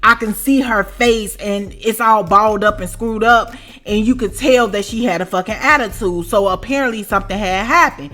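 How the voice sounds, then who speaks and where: A woman telling a story to her viewers in a casual, profane, animated way, often asking if you know what she's saying. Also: medium pitch, normal speed. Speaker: storytime vlogger.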